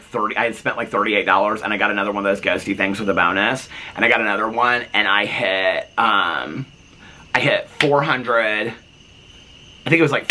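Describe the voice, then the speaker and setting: A man's voice: on the low side, slight background noise. A man telling a long casual story on his vlog, chatty and full of asides, on a front porch. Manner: animated, chatty, lots of fillers and asides. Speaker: vlogger.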